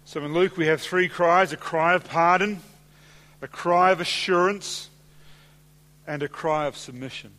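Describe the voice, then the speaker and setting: A man delivers a sermon from the pulpit in a fairly high voice, steady and deliberate. He eases into softer, slower phrasing when quoting scripture. The sound carries a long church-hall reverb. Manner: measured preaching, slowing and softening for scripture quotes. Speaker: pastor.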